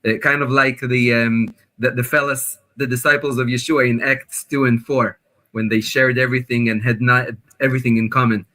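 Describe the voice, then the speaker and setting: A man with an Israeli accent talks as a guest professor in a video call interview. He tells his own story in an earnest, slightly apologetic way. His voice is at an ordinary pitch for a man. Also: level tone, normal speed, bright, forceful tone. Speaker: guest professor of biblical studies.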